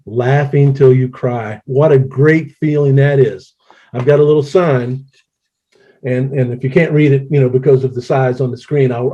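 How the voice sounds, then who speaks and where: A playful man in his sixties leads a laughter yoga session online with a mellow, relaxed tone. He jokes at his own expense and slips into laughter freely. The home computer mic gives the sound a dull, lo-fi quality. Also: medium pitch. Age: 60s. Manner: jokey, playful, breaks into laughter. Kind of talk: casual online presentation. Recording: dull lo-fi audio.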